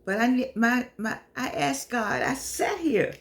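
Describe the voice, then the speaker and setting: A woman's voice: fairly high pitch, expressive, a little slow. An older woman, a professor hosting her own show, talking emotionally and preachily to camera, repeating herself, calling on the Lord, and near tears. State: teary. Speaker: show host and humanities professor. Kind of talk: casual heartfelt monologue to camera.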